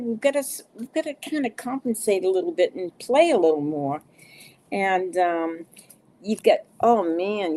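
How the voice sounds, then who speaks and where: A middle-aged woman with a medium-pitched, dark-toned voice gives live card readings to viewers. She sounds soothing and reassuring, and her speech is full of fillers.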